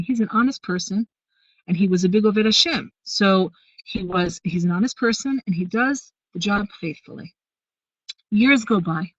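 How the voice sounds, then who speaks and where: A woman's voice: medium pitch, slightly rough, no echo. Woman teaching, dry lo-fi sound. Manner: storytelling with many fillers and restarts, warm asides. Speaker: teacher of a women's course. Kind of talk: teaching, retelling a Hasidic story.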